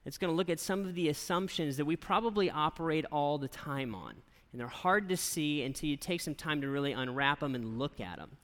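Pastor with a bright voice in a reverberant hall. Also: male voice, a little high, fairly quick. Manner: animated storyteller, conversational, keeps asking "right?". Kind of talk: sermon with a personal story. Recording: long reverb of a large hall.

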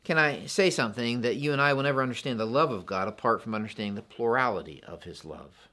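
Speaking fast with a sharp tone at medium pitch, a pastor preaches in church. He earnestly repeats phrases and often questions the congregation.

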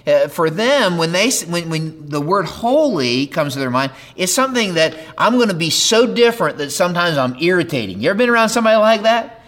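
Conversational preacher, man, fairly high voice. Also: big pitch swings, fairly quick, hardly any pauses, fairly bright tone. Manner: conversational preaching with rhetorical questions and repetition. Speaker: pastor. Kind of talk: sermon.

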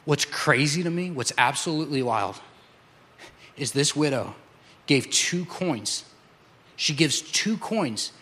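A male pastor preaching a passionate sermon, slowing down to drive points home. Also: a little high, lively intonation, sharp tone. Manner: passionate, slows down for emphasis.

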